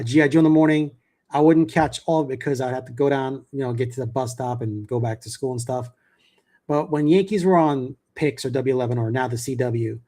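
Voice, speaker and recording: A man's voice: medium pitch, warm tone. A middle-aged man from the New York area hosting a casual sports talk show, chatty, with many fillers and repeated words.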